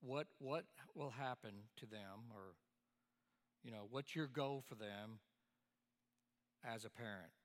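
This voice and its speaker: A man's voice: medium pitch, takes it slowly, long pauses. A man, preaching a sermon to parents in a folksy way and repeating his key phrases for emphasis. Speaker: pastor. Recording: long hall reverb.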